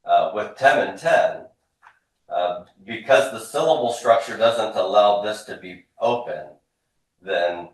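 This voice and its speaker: Lower-voiced male teacher in an echoey classroom. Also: far from the mic. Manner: explanatory, repeats words, drills forms aloud. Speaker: Hebrew instructor. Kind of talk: classroom lecture.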